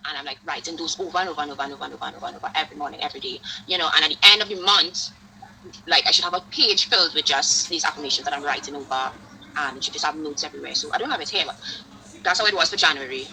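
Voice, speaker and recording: A woman hosting a casual interview, talking in a lively storytelling way full of "like" fillers. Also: sits low, racing, vocal fry, a little hiss or hum, rough recording. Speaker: podcast host.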